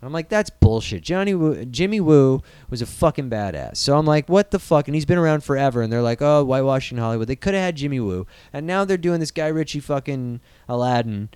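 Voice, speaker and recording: A man's voice: medium pitch, animated, fairly quick, hardly any pauses, darkish tone, clear, resonant tone, dry recording. A man in his thirties from Iowa, hosting a casual podcast and ranting animatedly about movie news, swearing freely. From Iowa, USA. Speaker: podcast host.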